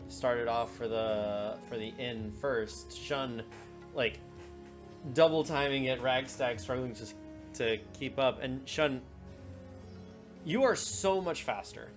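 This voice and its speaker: A man's voice: mid-range voice, slow, soft background music. Man narrating as game master. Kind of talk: casual chat and game narration.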